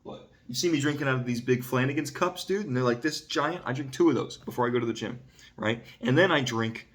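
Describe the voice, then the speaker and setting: A man hosting his own vlog, talking casually about self-improvement and often asking "right?" and saying "dude". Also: fairly quick. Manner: gets louder and higher when making a point. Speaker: vlog host. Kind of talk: casual self-help monologue.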